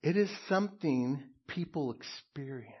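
A man preaching a sermon as a pastor, earnest and emphatic, with pauses and repeated phrases. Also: a little high, expressive, slightly rough, dull audio.

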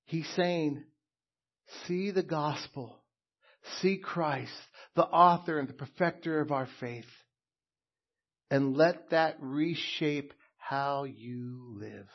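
A middle-aged pastor preaches in an unhurried, deliberate way, his voice a little husky. He leans hard on key words and then drops almost to a hush. The sound is dull and muffled. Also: fairly high pitch. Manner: slow, emphatic preaching with soft, hushed stretches. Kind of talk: sermon.

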